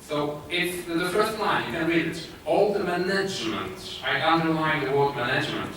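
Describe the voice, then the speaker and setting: A man's voice: on the high side, normal speed, a bit bright. Polish guy giving a conference talk, lots of uhs, far from the mic, big echo. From Poland. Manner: hesitant, many filler sounds and restarts. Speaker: conference speaker. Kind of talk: conference presentation. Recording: echoey hall, distant mic, noisy.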